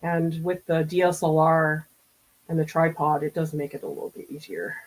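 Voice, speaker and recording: A middle-aged Boston-area art teacher chats casually and laughs often while painting in a live demo, musing aloud as she works. Her voice sits low with a level tone at normal speed, and the audio is poor.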